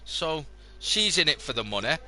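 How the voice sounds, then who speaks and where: A man's voice: on the high side, big pitch swings, normal speed, pushed and bright. A man giving live casual race commentary, teasing and swearing in banter.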